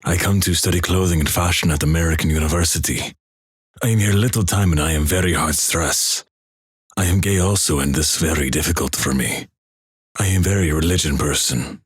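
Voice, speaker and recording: A man's voice: deep voice, a little fast, slightly rough, no room sound, clean studio sound. A man voicing a guilt-ridden young male Russian student who speaks broken English in a thick put-on Russian accent, read as a comedy story. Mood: earnest. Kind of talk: comedic reading of a first-person story.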